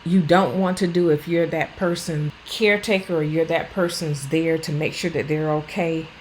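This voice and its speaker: Her low-pitched voice moves at normal speed with fairly even intonation as this fifty-something lifestyle vlogger cleans her home and talks casually. She comes across as earnest and plainly blunt, though the audio is poor with slight background noise.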